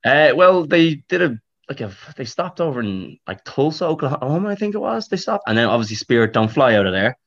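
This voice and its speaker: A young Irish man, a podcast guest, telling stories in a rambling, animated way and swearing freely. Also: mid-range voice, brisk, hardly any pauses, highs cut off. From Ireland. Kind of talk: casual storytelling chat.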